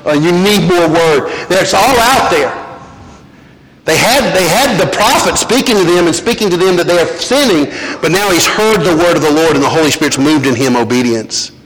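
A man's voice: on the high side, expressive, moderate pace, a bit bright. A man preaching a sermon in a church as pastor, earnest, with rhetorical questions and repeated words. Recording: long reverb, faint noise.

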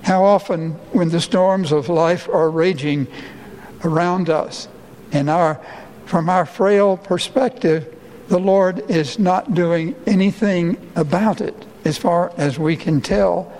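A male pastor preaching a sermon, his voice rising and slowing when he quotes people crying out. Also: darkish tone, in a large hall, low-quality recording. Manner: rises in pitch and slows for quoted cries.

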